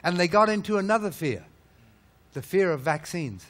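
High-voiced man preaching emphatically. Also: expressive, moderate pace. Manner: emphatic, hammering rhetorical questions; swings between loud peaks and low hushed lines. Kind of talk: sermon.

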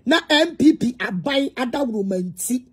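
A woman's voice: on the high side, lively intonation, moderate pace, husky. A woman preacher with a Ghanaian accent gives a heated, confrontational address. She talks emphatically and repeats her points.

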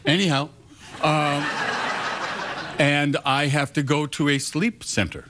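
A man as a guest on a late-night talk show, talking in a halting, deadpan, self-deprecating way. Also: on the high side, background noise.

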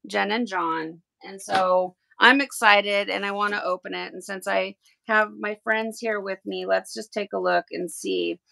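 A woman hosting a tie-dye livestream, chatting casually and gushing with excitement. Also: medium pitch, vocal fry, a little hiss or hum. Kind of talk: casual livestream chat while unboxing.

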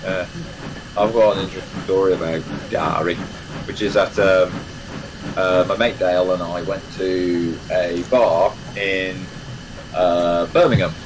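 Low-pitched male streamer, rambling casual talk, humming background noise. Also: steady tone, unhurried. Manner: rambling, full of fillers and restarts. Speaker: live stream host. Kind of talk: casual chat while playing a train game.

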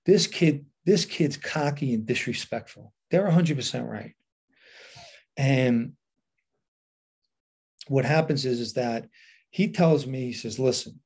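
A middle-aged man tells a story from his past in a loose, casual monologue. He switches into the voices of the people he quotes, so his delivery keeps shifting in speed and loudness. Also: mid-range voice, slow pace, pauses often, breathy edge. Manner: animated retelling with quoted dialogue. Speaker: podcast host telling a personal story.

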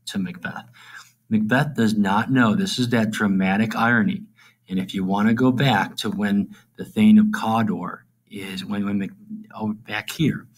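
A man teaching a recorded lecture, talking informally, checking in often with listeners and trailing off into low, whispery asides. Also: low-quality recording. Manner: informal, repeats "okay?" to check in.

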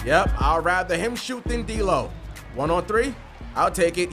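Man, very high voice, lively swoops, gameplay commentary, hip hop music behind. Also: unhurried. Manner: hypes plays with frequent shouting. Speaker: gaming video creator.

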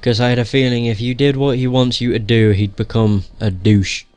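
A man's voice: medium pitch, steady tone, normal speed, a little mellow, clear, resonant tone, dry recording. A young man giving casual gameplay commentary in a joking, profane, sarcastic way.

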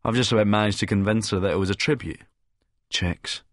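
A man's voice: lowish voice, fairly quick, a bit bright, dry recording, studio quality. A man narrating a first-person audiobook in a sardonic, crude, cocky manner.

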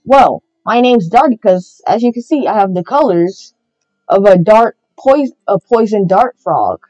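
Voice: mid-range voice, expressive, a little slow, darkish tone, no room sound, natural voice. A performer voicing a chatty female frog animatronic who rambles through her explanations in a fan-made game roleplay. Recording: slightly muffled with faint music.

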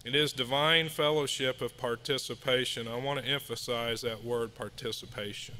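A man giving a sermon at a house church, reading scripture and hymn lyrics in a measured way. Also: medium pitch, steady tone, pushed and bright, a little hiss or hum. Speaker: lay preacher. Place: house church meeting room.

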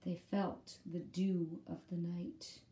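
A woman reading a children's bedtime story aloud in a gentle, teacherly way. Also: lowish voice, flat delivery, takes it slowly.

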